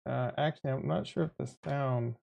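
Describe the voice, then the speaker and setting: A man chatting loosely on his own live stream, wandering off track and cutting himself short. He fills pauses with "uh" and "like" and talks at an everyday middle pitch. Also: gravelly, dull audio. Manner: rambling and self-interrupting, with frequent fillers. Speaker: streaming channel host. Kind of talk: casual live-stream chat.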